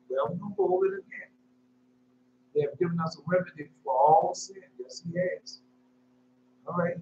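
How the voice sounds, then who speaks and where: A man, teaching scripture informally, reading verses slowly and then explaining them in loose casual talk. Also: high-pitched, a bit bright. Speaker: preacher. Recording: roomy, dull lo-fi sound with faint hum.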